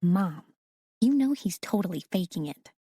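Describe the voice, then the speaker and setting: A woman's voice: on the low side, expressive, moderate pace, dark tone, husky, dry recording, clean studio sound. A woman doing a sarcastic ten-year-old girl. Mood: hushed. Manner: sarcastic, dismissive.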